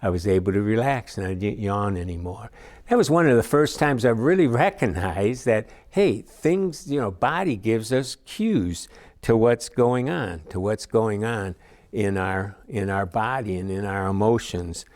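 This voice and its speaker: Low-voiced man giving a folksy class lecture. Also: animated, a little slow, darkish tone. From Chicago area. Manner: conversational and folksy, with many asides and fillers. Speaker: teacher of a recovery class.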